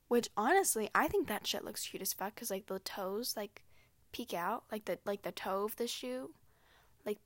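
A woman's voice: mid-range voice, no room sound. A young woman talking casually and candidly on her own, profane and emphatic, full of "like" fillers. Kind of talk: casual solo talk.

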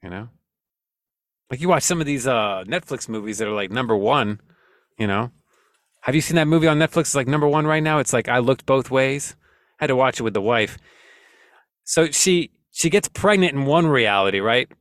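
Man, podcast host, casual chat, mid pitch, laid-back, wry, dry close recording. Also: lively intonation, moderate pace, long pauses, fairly bright tone, no room sound.

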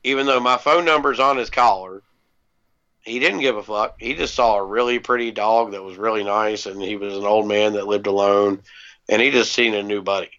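Man, gravelly voice, casual podcast storytelling, lots of ums, swears, muffled lo-fi sound. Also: fairly low pitch, fairly even intonation, moderate pace, bright, forceful tone. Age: adult parent. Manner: laid-back, swears freely, many ums. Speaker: podcast co-host. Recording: dull lo-fi podcast audio.

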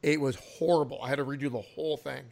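A man's voice: medium pitch, steady tone, fast talker, gravelly, darkish tone. A man in casual podcast chat who rambles, laughs often and makes crude jokes. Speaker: podcast co-host.

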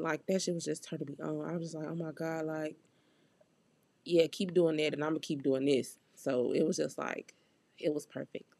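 A young woman with a slightly low voice spins a story on her podcast, blunt and profane, and acts out every quoted line. Her voice sits close and dry on the mic, with no room sound around it. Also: darkish tone, slightly rough, no room sound. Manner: blunt, profane and candid, acting out quoted dialogue. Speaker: podcast host. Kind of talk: casual storytelling monologue.

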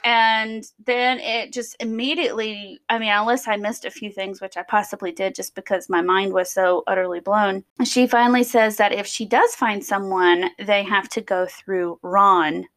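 A woman's voice: medium pitch, steady tone, normal speed, few pauses, fairly bright tone. A woman co-hosting a casual podcast, recapping a documentary in a conversational way with asides. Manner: conversational, explains with asides and fillers. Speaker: podcast co-host. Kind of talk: casual chat reviewing a documentary.

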